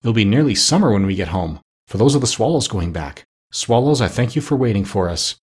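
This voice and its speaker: A man voicing a kindly, polite animal doctor who speaks gently. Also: on the low side, animated, a little fast, breathy edge. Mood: grateful.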